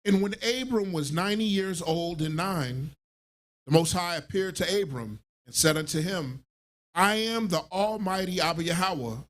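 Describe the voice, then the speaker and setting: A man reading scripture aloud in a steady, measured way during a class. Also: high-pitched.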